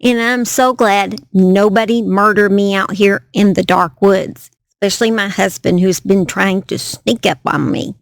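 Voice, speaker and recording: A woman's voice: mid-range voice, fairly even intonation, measured pace, vocal fry, dry recording. A woman with a Southern US accent telling a true crime story by a campfire outdoors at night, chatty and self-deprecating. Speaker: true crime channel host. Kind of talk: casual storytelling to camera.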